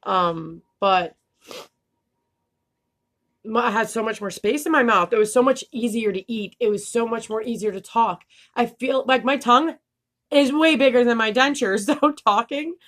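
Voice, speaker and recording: A woman's voice: fairly high pitch, moderate pace, fairly bright tone. Young woman vlogger, slight lisp, blunt and laughing, cusses casually. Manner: candid, laughing, swears freely. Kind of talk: casual vlog talk.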